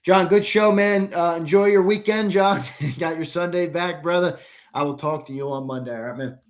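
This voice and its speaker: An American man hosting a live sports talk stream, chatting loosely, reading viewer comments and now and then bursting into shouts. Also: high voice, moderate pace. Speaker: host.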